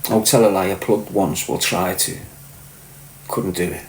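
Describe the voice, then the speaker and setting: Over slight background noise and a roomy echo, a livestream host with a low, steady, unhurried voice and a Liverpool accent swaps crude, boastful, profane stories with his live chat. He's middle-aged and addresses viewers by name.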